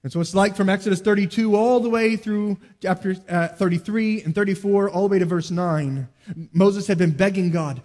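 A man preaching a sermon as pastor, earnest, rising to emphatic peaks and dropping low. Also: steady tone, moderate pace, a little mellow, in a large hall.

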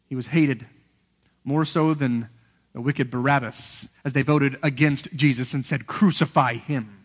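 A man's voice: fairly even intonation, unhurried, breathy edge. Earnest male preacher in a reverberant hall. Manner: earnest, building to emphatic peaks and dropping to hushed lows. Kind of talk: sermon.

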